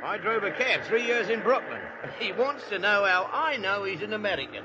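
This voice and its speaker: An actor playing a chatty, wisecracking cab driver with a London Cockney accent, in 1940s radio acting. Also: male voice, high voice, lively intonation, normal speed. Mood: breezy. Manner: breezy slangy banter. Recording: muffled old radio recording with engine noise.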